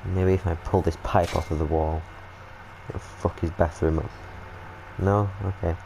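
A young British man commentating on his gameplay in a lowish voice, excitable and full of swearing and jokes. He jumps from mutters to yelps as the game goes wrong, with faint background noise behind him. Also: unhurried, creaky. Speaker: gaming video host. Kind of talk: let's-play commentary.

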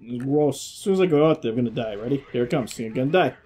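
A man's voice: mid-range voice, lively intonation, quick pace, dark tone. A young man chatting casually while playing a video game, joking, swearing and laughing a lot. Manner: laughs often, jokey, swears. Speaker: gamer. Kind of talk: casual gaming chat.

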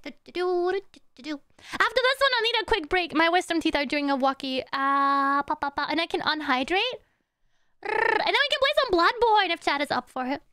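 A woman's voice: very high-pitched, sing-song, quick pace, hardly any pauses, sharp tone, no room sound, clean studio sound. A woman live-streaming in casual chat, greeting and thanking viewers one by one and humming little nonsense syllables between sentences.

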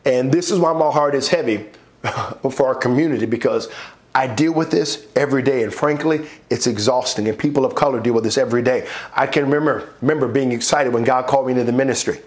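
A man preaching a sermon as pastor, telling his own story with lively acted-out voices and frequent laughter, building to rousing praise. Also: mid-range voice, quick pace. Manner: animated, acts out voices in his stories, laughs often. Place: church online worship service.

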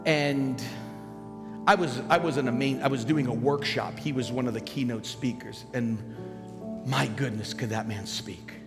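A man's voice: mid-range voice, measured pace. An older man, a pastor, preaching a sermon in a conversational, storytelling way at a live conference, on a stage microphone. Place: large conference hall. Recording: live hall reverb with music behind. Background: music.

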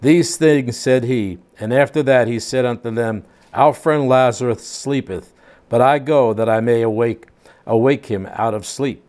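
A man's voice: medium pitch, unhurried, a little mellow. An older man teaching a home Bible study, reading scripture aloud and then explaining it in plain, casual asides.

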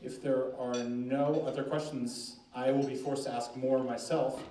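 A man moderates a Q&A with easygoing, joking asides. His tone is warm and mellow. He is heard from a distance in a roomy, echoing hall. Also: medium pitch, flat delivery, measured pace. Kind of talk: moderating a Q&A session. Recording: echoey conference room, distant mic, faint noise.

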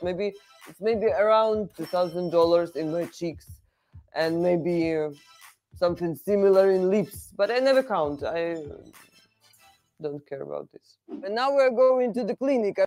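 Woman, interview subject; frank and halting over faint music. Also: lowish voice, a little mellow. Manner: frank, halting, with many pauses. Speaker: interviewee in a documentary clip. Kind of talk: candid interview.

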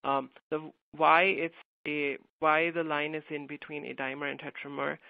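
Male grad student, hesitant live Q&A answers, higher voice with gravel, phone-like dry sound. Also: flat delivery, normal speed, dry recording. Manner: hesitant, many fillers. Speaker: graduate student answering questions. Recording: tinny phone-like line, dry.

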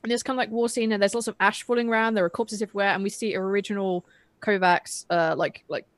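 A woman's voice: mid-range voice, steady tone, fast talker, no echo. A chatty woman co-hosts a casual TV recap, her talk full of "like" and "um" and the odd casual swear. Her voice is close and dry, with no room sound around it. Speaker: podcast co-host.

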